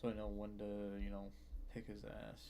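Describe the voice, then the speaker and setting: A man's voice: fairly low pitch, monotone, normal speed, creaky, dark tone, a little hiss or hum. A man in casual late-night chat with a friend, laid-back and slangy with a drawl.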